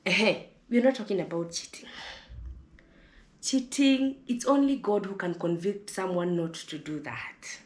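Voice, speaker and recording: A woman's voice: mid-range voice, measured pace. Fiery Kenyan woman vlogger, echoey room. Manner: fiery, preachy, repeats words when heated. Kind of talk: impassioned monologue to camera.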